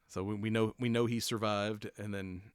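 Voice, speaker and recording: Low-voiced man rambling through a recap. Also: little pitch movement, normal speed, clean tone, no room sound, studio quality. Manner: rambling, swears freely, laughs often, acts out quotes. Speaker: podcast host. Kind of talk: casual chat recapping a TV episode.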